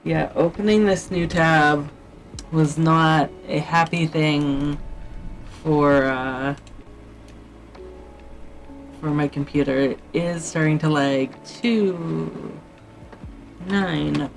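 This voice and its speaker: A woman's voice: deep voice, fairly even intonation, drawn-out words, gravelly, pauses often, low-quality recording. A woman livestreaming her writing session, muttering and thinking aloud to her viewers in casual chat, with faint music playing behind her. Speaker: livestreamer doing writing sprints.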